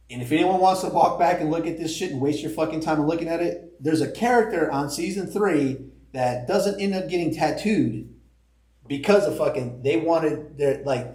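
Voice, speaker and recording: Man, podcast guest, profane storyteller, slightly high pitch, roomy echo. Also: a little mellow. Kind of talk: casual storytelling chat.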